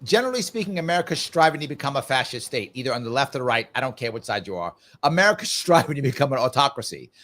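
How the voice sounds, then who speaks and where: A man's voice: medium pitch, very fast, hardly any pauses. A middle-aged man hosting a live political discussion, talking emphatically and hammering his points home through repetition. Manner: emphatic and animated, repeats points. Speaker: host.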